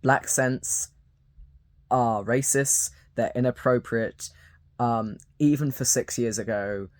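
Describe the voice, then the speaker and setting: A young man talking to camera with hesitant, halting speech, full of fillers and restarts. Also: medium pitch, no room sound, clean studio sound. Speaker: YouTuber. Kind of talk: unscripted talking-to-camera commentary.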